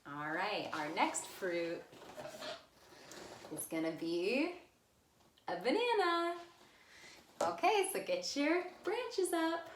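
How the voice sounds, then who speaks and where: Animated, sing-song woman reading to kids. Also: medium pitch, takes it slowly, long pauses, roomy sound, slight background noise. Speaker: children's librarian. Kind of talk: storytime reading for children.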